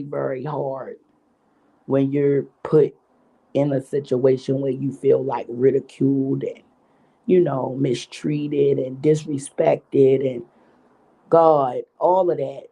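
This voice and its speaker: Gravelly, profane middle-aged woman vlogger. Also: very deep voice, steady tone, slow pace, mellow. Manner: profane, emphatic, preachy. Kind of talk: candid storytelling monologue.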